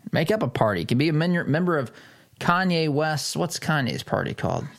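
His voice is gravelly and sing-song, moving a little fast. The middle-aged man, host of a political commentary show, reads out an article and answers it with sarcasm and emphatic pitch jumps.

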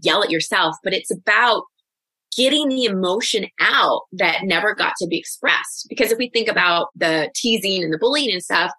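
Bright-voiced woman telling her story. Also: mid-range voice, expressive, dry recording. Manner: open, reflective storytelling with quick asides. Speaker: guest coach. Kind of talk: podcast interview.

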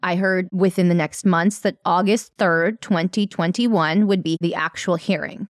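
A woman's voice: fairly low pitch, steady tone, a little slow, dry recording, studio quality. A woman telling her own story in an earnest, emphatic and candid way, as a victim advocate. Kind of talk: personal testimony storytelling.

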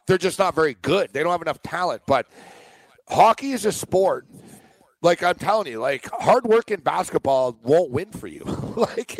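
A man co-hosting a sports betting podcast, animated and opinionated, often laughing. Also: on the high side, dry recording, poor audio. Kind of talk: casual sports betting chat.

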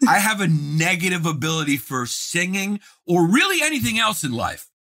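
A man's voice: high-pitched, very animated, normal speed, bright, forceful tone. A man co-hosting a casual chat, joking and self-deprecating. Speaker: co-host.

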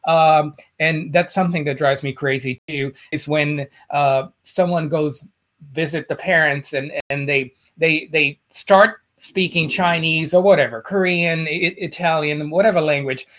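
A man's voice: fairly high pitch, fairly even intonation, measured pace, fairly bright tone. A man co-hosting a casual film chat, speaking emphatically and often repeating words while he searches for them. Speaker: podcast co-host.

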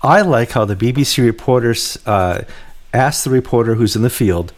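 A man's voice: medium pitch, normal speed. A man chatting in an amused way about a news report.

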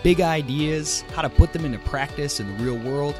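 Guy hosting a solo podcast, chatty and relaxed, laughs a lot as he goes. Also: fairly high pitch, normal speed, over music. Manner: casual, thinking aloud, chuckles often. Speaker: podcast host.

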